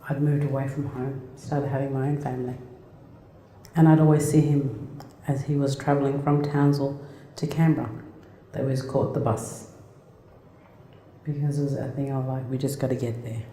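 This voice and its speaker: A middle-aged woman from Australia giving a personal talk, telling a family story in a plain, halting, reflective way. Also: very deep voice, little pitch movement, mellow. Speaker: speaker. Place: lecture hall. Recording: echoey hall.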